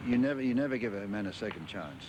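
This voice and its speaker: A man's voice: fairly low pitch, lively intonation, fast talker. Older English man telling rambling stories. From England. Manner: rambling anecdotes with many fillers and restarts. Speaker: former tennis champion. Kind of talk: interview reminiscence. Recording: archive interview with clear background noise.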